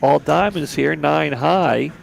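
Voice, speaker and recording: A man's voice: a little high, slow, vocal fry, slight background noise. A man giving easygoing, chatty live commentary on a poker table from a booth. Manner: chatty, easygoing, repeats words. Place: commentary booth at a card room.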